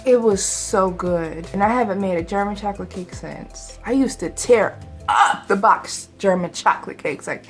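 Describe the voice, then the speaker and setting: A middle-aged woman hosting a casual storytime vlog about cake decorating at home, talking in a bubbly, animated way with sudden excited exclamations. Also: mid-range voice, moderate pace, soft background music. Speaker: cake decorator and channel host.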